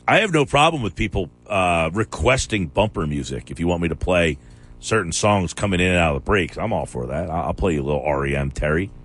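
A man's voice: deep voice, animated, fairly bright tone. A man hosting a sports radio show, chatting casually and challenging his co-host's claims. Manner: argumentative, quick to challenge.

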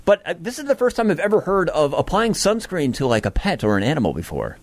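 A man's voice: a little high, very animated, quick pace, no echo. A man hosting a morning radio show, chatting with the weather presenter in a playful, musing way. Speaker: radio host.

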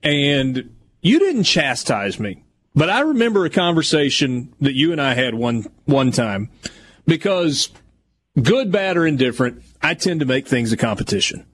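A man's voice: on the high side, very animated, normal speed, a bit bright, slight background noise. A male radio host speaking earnestly and sincerely in casual on-air talk.

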